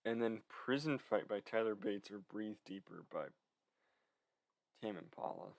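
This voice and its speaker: Out-of-breath young man, low voice. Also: unhurried, creaky, no room sound. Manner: rambling, many fillers. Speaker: vlogger. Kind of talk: casual chat.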